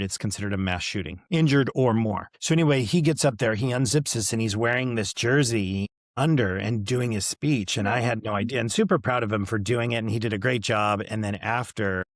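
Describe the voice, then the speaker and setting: A man's voice: on the low side, no room sound, clean studio sound. A middle-aged man hosting a podcast, telling a story in a rambling, casual way with lots of fillers and quoted dialogue. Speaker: podcast host. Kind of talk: casual chat.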